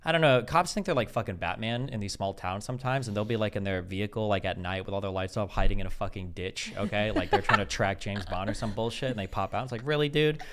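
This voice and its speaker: A man from Nebraska hosting a podcast, telling stories in an animated way and swearing freely. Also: lowish voice, fast talker, few pauses, a little hiss or hum. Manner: profane, animated storyteller. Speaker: podcast host. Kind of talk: casual podcast chat.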